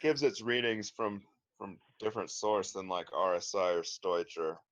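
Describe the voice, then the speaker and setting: A man with a lower voice speaks up in a stream's voice chat. He asks questions in a laid-back, slightly hesitant way. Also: moderate pace. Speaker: trader asking questions on a stream. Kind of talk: casual voice chat.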